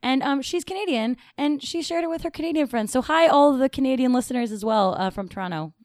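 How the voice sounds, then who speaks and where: A young woman co-hosting a podcast, chatting casually and animatedly with quick laughs. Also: high-pitched, darkish tone, no echo, clean studio sound. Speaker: podcast co-host. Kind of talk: casual chat.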